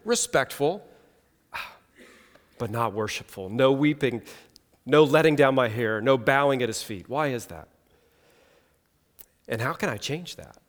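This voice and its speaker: Man preaching in a reverberant hall. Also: mid-range voice. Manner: earnest, measured preaching with slow emphatic pauses. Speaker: pastor. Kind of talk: sermon.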